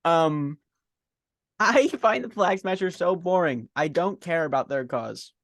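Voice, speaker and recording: An American man chatting on a podcast, his mid-pitched voice moving in lively swoops. The sound is dry and close. He stumbles through restarts and needles his co-host with dry teasing. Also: measured pace, dry recording. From United States. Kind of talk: casual chat.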